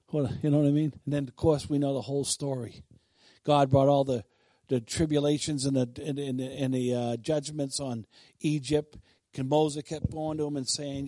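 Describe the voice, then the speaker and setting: A man preaching a sermon who swings between bold, emphatic declarations and quiet, chatty asides to his listeners. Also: medium pitch, little pitch movement, moderate pace, few pauses, no echo.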